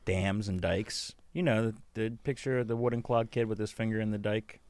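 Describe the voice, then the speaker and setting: A man with a fairly low voice chats on a casual podcast, trading wry, teasing jokes. The recording is dry and close. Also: steady tone, fairly quick, darkish tone, dry recording. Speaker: podcast co-host. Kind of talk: casual chat.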